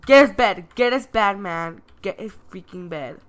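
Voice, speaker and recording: A woman giving casual, excitable, self-deprecating commentary while playing a video game. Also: mid-range voice, a little slow. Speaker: gameplay commentator.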